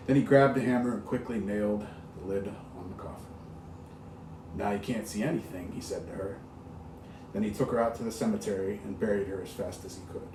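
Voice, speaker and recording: A man reading a ghost story aloud, dramatic and full of sound-effect words. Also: fairly low pitch. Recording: roomy, distant mic with faint hiss.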